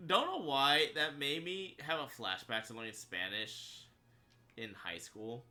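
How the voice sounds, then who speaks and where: Guy streaming a game, super bright tense voice, rambles with lots of likes, laughs a bunch. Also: mid-range voice, expressive, measured pace. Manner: rambling, filler-heavy, laughs often. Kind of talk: casual live-stream chat while gaming.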